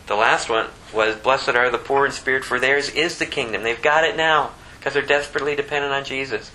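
A man's voice: a little fast, hardly any pauses, sharp tone, a little hiss or hum, rough recording. A man preaching a sermon, his voice rising sharply when he gets emphatic. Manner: impassioned, pitch climbing sharply when emphatic.

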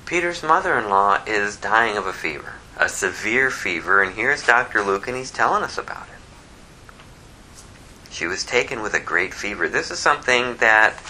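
A man preaching an expository Bible sermon in an animated way, reading scripture aloud and swinging from hushed asides to loud, emphatic bursts. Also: fairly low pitch, moderate pace, a little hiss or hum, poor audio. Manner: reads scripture aloud in King James wording. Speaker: pastor.

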